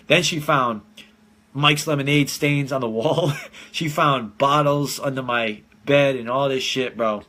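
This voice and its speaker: Bright, rowdy young man host. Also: medium pitch, measured pace. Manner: rambling, profane storytelling, laughing often. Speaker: podcast host. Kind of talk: casual live-streamed chat. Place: at home.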